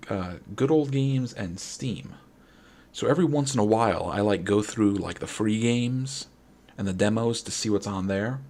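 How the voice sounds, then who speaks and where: A man's voice: lowish voice, darkish tone, husky. A man from New York with a New York accent, chatting casually and rambling with his stream viewers late at night. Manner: rambling, friendly, many restarts. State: late-night, a little wired. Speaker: game streamer.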